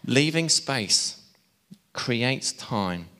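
A man's voice: mid-range voice, expressive, very slow, pushed and bright. A man preaching a sermon in a chatty way, with asides and self-deprecating laughs. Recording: hall reverb.

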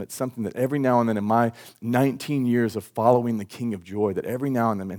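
Male pastor, conversational sermon delivery, earnest, animated when telling stories. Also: fairly low pitch. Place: church service.

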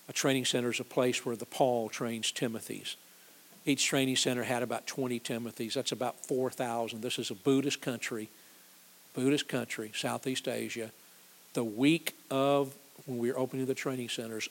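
A man's voice: medium pitch, gravelly. A man leading a church missions talk, emphatic and repetitive, calling the audience to repeat after him. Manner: emphatic, repeats key phrases, leads audience responses. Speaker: missions ministry leader.

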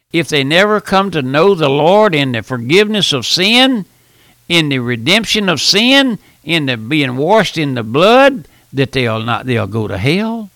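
Gravelly, bright-voiced fervent preacher man. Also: high-pitched, no echo. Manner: fervent preaching, swings from pleading hush to shouting. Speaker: pastor. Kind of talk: radio sermon.

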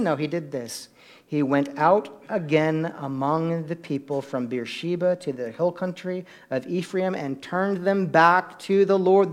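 A man with a high voice preaches to his church. His delivery swings between hushed, conversational asides and loud, emphatic climaxes, often tossing questions out to the listeners. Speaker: pastor. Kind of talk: sermon.

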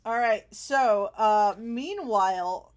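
A woman's voice: on the high side, slow pace. A woman narrating a tabletop game as game master, chatty and laughing often, with frequent fillers.

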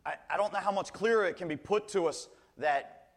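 An earnest man delivering a sermon in a voice pitched a little above the usual. He often doubles back on his words as he restarts phrases. When he wants a point to land, he slows right down and leans on each word. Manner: earnest, slows down hard to stress key words. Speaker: preacher.

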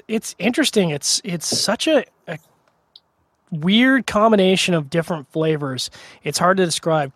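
A man co-hosting a casual tasting chat over a video call, playful and quick to laugh. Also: on the high side, dry recording. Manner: chatty, playful, laughs easily. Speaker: co-host of a drinks tasting show.

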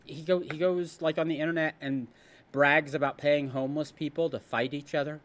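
This podcast host's voice sits a little high and moves a little quickly. In a casual chat, he tells stories and goes on animated, joke-filled rants.

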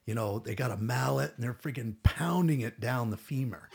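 A man's voice: mid-range voice, normal speed, gravelly, slightly rough. A middle-aged man telling a long story as a podcast guest, rambling and acting out what others said, with casual swearing.

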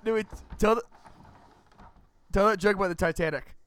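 A man's voice: high voice, brisk, crowd noise. A man co-hosting a casual podcast, joking around and telling stories with lots of restarts. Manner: joking, tells jokes with restarts. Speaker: podcast co-host. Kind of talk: casual chat.

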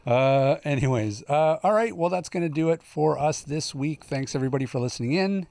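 A man's voice: on the high side, lively intonation, a little fast, gravelly, a little mellow, no room sound, studio quality. A man hosting a podcast in casual chat, joking and laughing often. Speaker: podcast host.

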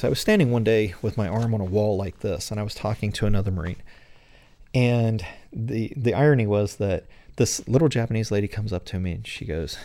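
A middle-aged man from the United States answers interview questions conversationally, rambling and filling his answers with fillers. His voice is lowish and mellow.

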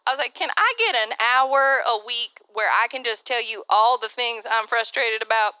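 A woman's voice: on the high side, moderate pace, sharp tone, clean tone, no room sound. A woman pastor preaching a candid sermon, laughing often and acting out the voices she quotes.

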